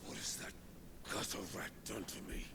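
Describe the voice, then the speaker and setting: An actor playing a furious, cruel man in a video game, snarling threats and curses in a raspy voice. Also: normal speed, bright, forceful tone, lightly acted. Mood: enraged. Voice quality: gravelly, raspy.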